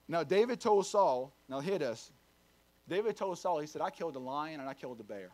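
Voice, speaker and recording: A fervent preacher with a high-pitched man's voice. He drives his points home with loud, emphatic bursts, then drops into low, confiding asides to the congregation. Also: lively intonation, brisk. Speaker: pastor. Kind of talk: sermon.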